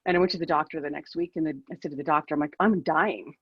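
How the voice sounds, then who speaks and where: A woman's voice: low voice, steady tone, rapid-fire, dry recording, lo-fi sound. Candid woman telling her own story. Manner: candid, self-deprecating, with fillers and laughs. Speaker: keynote speaker. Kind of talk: personal storytelling talk. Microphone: video call.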